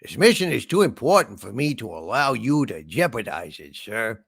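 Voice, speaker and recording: A man voicing a male spaceship computer as a meandering, polite detective, gravelly and husky, tacking "sir" onto his lines. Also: mid-range voice, very animated, moderate pace, fairly bright tone, no echo, clean studio sound, pitched below the performer's own voice, heavily acted. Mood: calm, polite. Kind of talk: comedy impression sketch.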